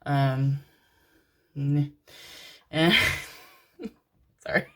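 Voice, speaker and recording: Young woman, low voice, casual rambling tarot reader, laughs easily. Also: steady tone, very slow. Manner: rambling, chatty, laughs and swears. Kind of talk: casual pick-a-card reading.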